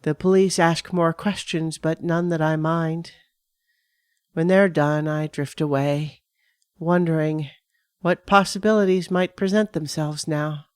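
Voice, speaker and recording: A woman giving a measured, dramatic first-person reading of a scripted horror story on a close studio mic. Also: sits low, steady tone, a little mellow, clear, resonant tone, no echo. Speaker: narrator.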